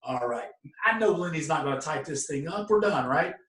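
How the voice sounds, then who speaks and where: A middle-aged man, a former wrestler, telling lively stories as a guest, acting out other people's lines and breaking into loud outbursts. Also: a little high, brisk. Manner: animated, acts out quoted voices, bursts into loud exclamations. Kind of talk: casual anecdotal storytelling. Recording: roomy, distant from the mic.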